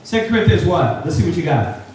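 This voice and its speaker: A man teaching a Sabbath scripture class, preaching in an animated, slangy way and firing questions at the group. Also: a little high, quick pace, very echoey, far from the mic, rough recording. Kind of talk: call-and-response scripture teaching. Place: classroom or meeting hall with a live group.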